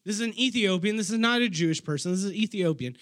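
An eager, friendly Ethiopian traveler from a Bible story, as a preacher puts him on while retelling it. He talks in a casual, modern way with a fairly high voice. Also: quick pace, a bit bright. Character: Ethiopian court official, man, eager and friendly.

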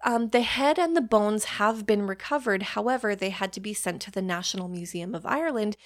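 A woman's voice: medium pitch, fairly quick. A young adult woman hosting a podcast, telling personal stories in a chatty, casual way with casual swearing and self-deprecating asides. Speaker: podcast host. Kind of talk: casual storytelling monologue.

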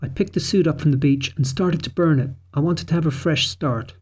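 A man's voice: a little high, brisk, a little mellow, breathy edge. A man voicing an adult woman park manager who earnestly confesses and explains herself. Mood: earnest confession.

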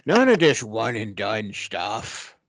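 Guy hamming up a creaky old-timer, slow drawl, swinging pitch, dry close sound. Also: very animated, dry recording. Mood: nostalgic. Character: grumpy old man reminiscing.

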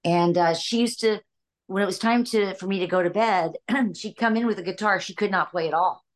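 A woman's voice: medium pitch, a little fast. An older woman from Illinois, a voice actress guest, chatting in an interview, laughing often between stories. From Illinois, USA. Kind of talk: casual interview storytelling.

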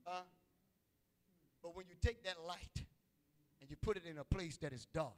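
A man's voice: high-pitched, unhurried, big-room sound. A man preaching a sermon, calling out to his congregation with rising and falling intensity. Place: church.

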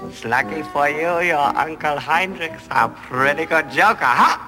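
A man's voice: fairly high pitch, a little slow, lightly acted. An actor playing an unhinged old male ex-Nazi veterinarian with a German accent, who rambles in paranoid rants, heard from a film clip with reverb and music. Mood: sneering.

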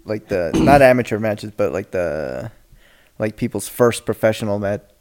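A man's voice: fairly low pitch, lively intonation, normal speed, darkish tone. A man co-hosting a casual fight-watching commentary, laid-back and joking.

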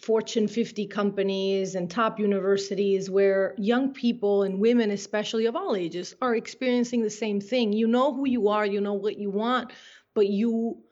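A woman's voice: medium pitch, steady tone, moderate pace, darkish tone, highs cut off. A woman guest on a podcast interview who speaks in an earnest, motivational way.

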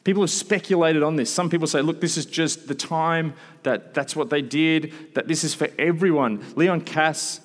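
A man in his thirties delivers a sermon to a live room, his voice sitting a touch high for a man. He tells stories with lively asides and restarts. Long reverb from the hall trails behind his words. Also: moderate pace, few pauses. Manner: animated storytelling with asides. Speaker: preacher. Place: large hall with an audience.

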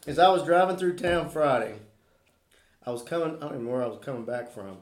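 A man's voice: on the high side, animated, fast talker. A man chatting casually, telling rambling stories and acting out what friends said. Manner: rambling storyteller, acts out quotes. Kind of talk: casual chat. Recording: roomy.

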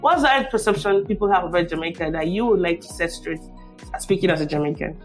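A woman's voice: on the low side, fast. Woman hosting a podcast, rambling chatty questions, faint music underneath. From Nigeria. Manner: rambling, many asides and restarts. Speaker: podcast host. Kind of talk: long conversational questions.

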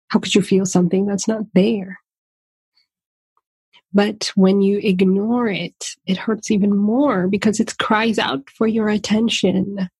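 A woman giving a gentle, searching personal monologue, pausing often with fillers as she talks through hard feelings. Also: mid-range voice, steady tone, slightly rough, dry recording. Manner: slow, gentle and searching, with many pauses and fillers.

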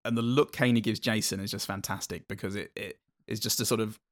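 Low-voiced man hosting a rambling podcast. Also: fairly even intonation, fast talker. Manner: hesitant, rambling, sweary banter. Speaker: podcast co-host. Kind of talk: casual film-review podcast chat.

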